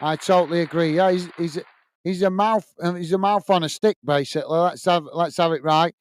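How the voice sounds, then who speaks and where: A man's voice: a little high, fairly even intonation, a little fast, a little hiss or hum. A man hosting a live football watch-along, chatting bluntly and answering viewer comments. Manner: blunt and opinionated. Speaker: host.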